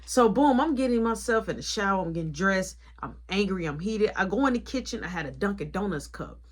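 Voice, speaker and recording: A young woman store manager telling a story in an animated, colloquial way. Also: medium pitch, brisk. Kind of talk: casual storytime vlog.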